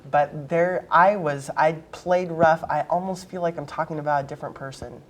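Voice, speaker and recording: Low-voiced woman guest, blunt and emphatic, telling her story in an interview. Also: fairly even intonation, moderate pace.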